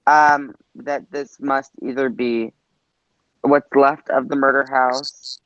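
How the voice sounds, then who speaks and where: A man's voice: mid-range voice, little pitch movement, slow pace, a bit bright, no echo. A man, a guest on a casual discussion, offers theories in a tentative, hedging way. His audio sounds muffled and dry, with no room sound at all. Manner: tentative, hedging with "I don't know" and "like". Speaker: guest panelist.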